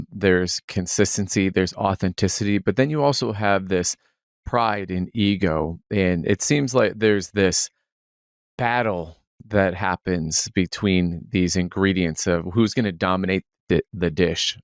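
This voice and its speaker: Male podcast host, lowish voice, reflective interviewer. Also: unhurried, no echo, studio quality. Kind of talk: interview questions.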